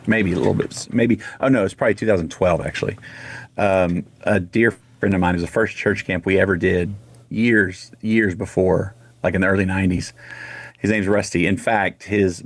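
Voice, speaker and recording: A man's voice: low-pitched, creaky. A middle-aged man talking casually as a radio interview guest, telling stories in a rambling way and acting out old conversations. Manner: rambling, retells conversations in quotes. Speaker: guest, singer.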